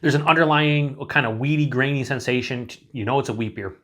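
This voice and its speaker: A man from the United States talks through a beer review in a loose, unscripted ramble. He is enthusiastic and swears freely, and he leans on fillers as he hunts for the right words. His voice sits at an ordinary middle pitch. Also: a little fast, bright, forceful tone.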